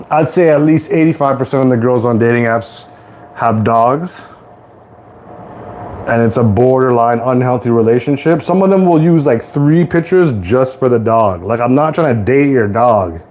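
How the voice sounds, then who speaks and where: A young man from Toronto hosting a casual live cooking stream, rambling to viewers in relaxed slang from his home kitchen. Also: mid-range voice, slight background noise. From Toronto, Canada. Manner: laid-back rambling slang-heavy talk to viewers. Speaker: livestream host.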